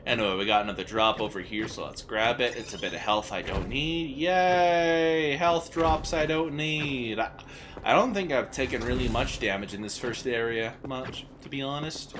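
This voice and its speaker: Excitable swearing gaming streamer man. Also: fairly low pitch, brisk, background noise. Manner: excitable, swears freely, jokey asides. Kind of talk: casual gameplay commentary. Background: game music.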